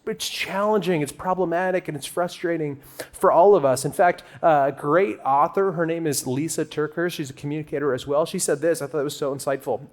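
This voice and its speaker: A man preaching a conversational sermon to a church crowd, animated and joking as he talks to them. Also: on the high side, a little fast. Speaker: guest preacher. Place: church auditorium.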